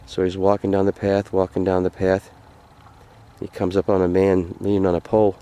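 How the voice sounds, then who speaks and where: A man telling a folk tale in an unhurried, folksy way, repeating phrases as he goes. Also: low-pitched, monotone, mellow. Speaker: vlogger telling a story. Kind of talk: folksy spoken storytelling. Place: outdoors by a frozen lake.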